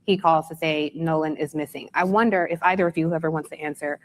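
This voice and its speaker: A woman interviewing guests, recapping a timeline in a measured, deliberate way before asking her question. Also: deep voice, fairly even intonation, slight background noise.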